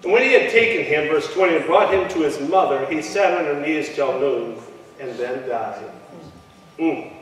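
A man with a fairly high voice preaches from the pulpit, leading his congregation to answer him aloud. His voice rings through a church sanctuary with a long, heavy echo. He sounds distant from the microphone. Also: animated, moderate pace, fairly bright tone, a little hiss or hum. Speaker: pastor. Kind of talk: sermon with scripture reading. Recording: echoey church hall from far off.

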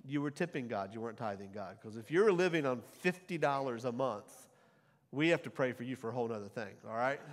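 A middle-aged male pastor preaching to a congregation, rising into loud scripture quotes and dropping back to conversational asides. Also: medium pitch. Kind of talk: sermon. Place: church sanctuary before a congregation. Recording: long hall reverb.

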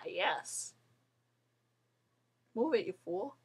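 A woman's voice: a little high, lively intonation, slow pace, fairly bright tone. A young woman giving playful let's-play commentary, giggling often and bossing other players around. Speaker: gamer.

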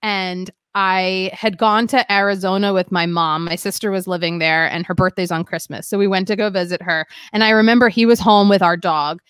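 A woman's voice: mid-range voice, steady tone, normal speed, few pauses, fairly bright tone, smooth, no echo. A young woman, a podcast guest, telling her story in a rambling, candid way, full of "like" and restarts. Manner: rambling, heavy use of "like", frequent restarts.

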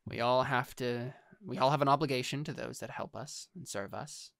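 Casting: man playing a sly sinister schemer, soft low voice, bright and dry. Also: moderate pace, creaky, dry recording. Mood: smooth. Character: scheming male leader, smooth and sinister.

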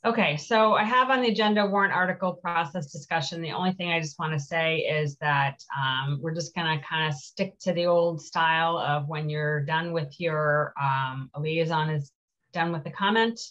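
A woman's voice: low voice, normal speed, a bit bright. A woman chairing a town committee meeting, tired and plain-spoken. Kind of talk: meeting discussion. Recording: dull lo-fi meeting audio.

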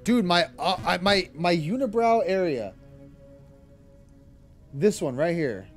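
A young male streamer chats with his viewers while he plays, answering their messages, laughing a lot and cursing without restraint. His voice sits a little high for a man and swings widely in pitch. Faint game music plays underneath. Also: big pitch swings, slow pace. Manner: swears freely, laughs often, reads and answers chat. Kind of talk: casual live-stream chat while gaming.

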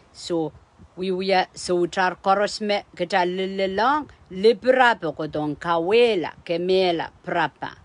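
A woman delivers a sermon in a voice of middling pitch, speaking with emphasis. She keeps pausing to check that her listeners are following her. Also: no echo. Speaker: preacher.

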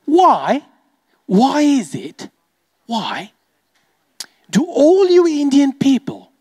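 A man voicing a nosy British man who quizzes him with drawn-out, exasperated questions in a stand-up act. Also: very high-pitched, voice pushed up, exaggerated voice.

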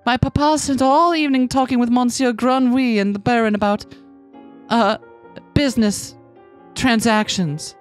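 A woman's voice: a little high, steady tone, normal speed, soft background music, natural voice. A woman voicing a naive, polite young noblewoman in a video game playthrough. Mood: earnest.

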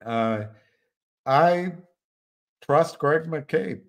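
Older guy rambling on a live stream, slow unhurried talk, lots of restarts. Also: fairly high pitch. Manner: rambling, musing, many restarts. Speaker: livestream host. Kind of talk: casual live chat.

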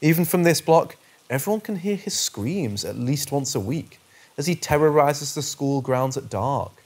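A man reading true paranormal stories aloud in a steady, measured narration that slows on eerie phrases. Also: on the high side. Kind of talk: scripted narration.

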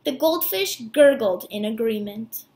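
A woman teacher reads a children's picture book aloud to her students, warm and animated and unhurried. Her high voice swings widely in pitch. The recording has a noticeable echo from the room.

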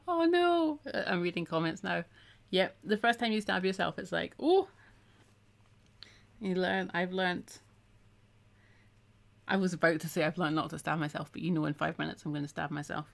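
A middle-aged woman talks her viewers through a craft on a live stream in a relaxed, chatty way, laughing often. Her voice sits fairly low and has a gravelly edge. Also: fairly quick. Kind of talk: casual craft tutorial.

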